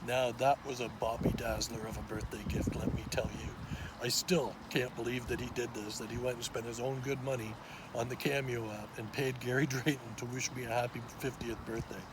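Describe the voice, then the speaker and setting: A man of fifty telling a personal story to camera in an animated, excitable way, filmed on a phone. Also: mid-range voice, fairly quick. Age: 50s. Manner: excitable, animated, with small restarts and laughs. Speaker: vlogger. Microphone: phone on a selfie stick. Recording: loud outdoor background noise.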